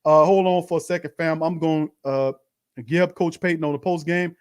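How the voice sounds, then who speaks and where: A man's voice: on the high side, steady tone, normal speed, clean tone. A man hosting a live-stream watch party, commenting bluntly on a loss and calling his viewers fam. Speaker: sports show host.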